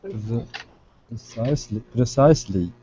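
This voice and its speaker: A man's voice: medium pitch, lively intonation, measured pace, dark tone, dull audio, slight background noise. A man hesitantly sounding out and repeating words as a student in a reading lesson. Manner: hesitant, repeats words to get them right.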